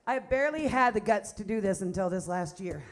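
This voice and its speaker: A woman's voice: medium pitch, lively intonation, a little fast. A woman in her fifties, a singer hosting her own show, chatting on stage in a coffee shop in a self-mocking, nervous way. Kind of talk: casual stage banter.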